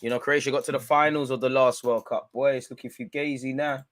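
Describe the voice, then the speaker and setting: A man hosting a live football watch-along, reacting excitably and chatting with viewers in slang. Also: medium pitch, fairly quick, no echo.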